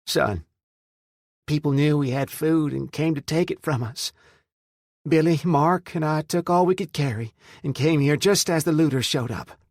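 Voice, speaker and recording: A man voices a stern, loving mother, scolding firmly and tearfully. He pitches above his own voice to a somewhat high register, though it stays close to everyday speech, at a moderate pace with a darkish tone, in clean studio sound without room noise.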